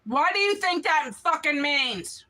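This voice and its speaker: A woman in a heated argument, shouting, repeating herself and swearing, at times tearful. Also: high-pitched, expressive, unhurried.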